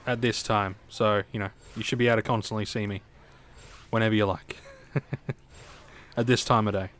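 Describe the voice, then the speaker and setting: A man's voice: fairly low pitch, fairly even intonation, moderate pace, fairly bright tone. A young Australian man chatting casually and jokingly with his viewers while streaming a game, rambling from one thought to the next. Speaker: live streamer.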